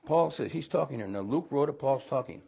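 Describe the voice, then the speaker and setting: A man's voice: medium pitch, expressive, brisk, creaky, mellow, husky. A middle-aged man teaching a conversational Bible lesson, rambling with folksy asides and restarts.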